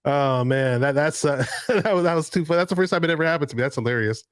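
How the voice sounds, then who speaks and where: Man, football show host, excited, rambling, higher voice, dry sound. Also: fast talker, clean tone, dry recording. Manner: excited, rambling, laughs often. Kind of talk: casual football chat.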